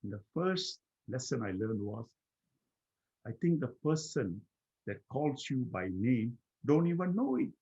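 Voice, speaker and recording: Man, husky voice, reflective personal storyteller, halting restarts, muffled lo-fi recording. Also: on the high side, darkish tone. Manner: slow, repetitive, with many restarts. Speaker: guest speaker.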